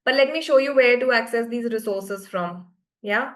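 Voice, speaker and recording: A woman's voice: on the high side, normal speed. A woman teaching French to beginners in an online class, explaining patiently and often checking that students follow.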